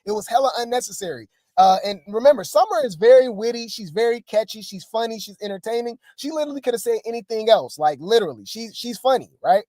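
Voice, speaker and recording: A man's voice: extremely high pitch, fast, few pauses, warm tone, no echo. A man hosting casual gossip commentary on reality TV, rambling with fillers and asides to his viewers. The recording is dry and close, with no room sound.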